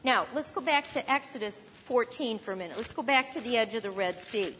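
A woman's voice: a little high, a little fast, fairly bright tone, a little hiss or hum. A woman preaching a sermon in a conversational teaching manner, now and then acting out panicked voices. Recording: long hall reverb.

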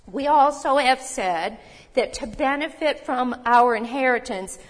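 A woman preaching a sermon, teaching in a conversational way and asking rhetorical questions. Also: on the high side. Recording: long reverb of a hall.

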